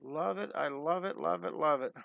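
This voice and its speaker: A middle-aged man hosting a live-streamed drawing lesson, chatty and enthusiastic, greeting viewers and making quick cat sounds as he draws. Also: fairly high pitch, creaky, a bit bright, dry recording, highs cut off.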